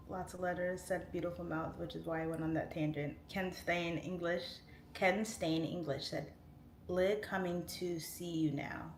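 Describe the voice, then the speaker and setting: A chatty woman in her late thirties talks through a casual livestream, reading comments and wandering off on tangents. Her voice sits a little low for a woman. The room has a noticeable echo with faint noise behind her. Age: 30s. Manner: chatty, laughing, goes off on tangents. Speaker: livestream host.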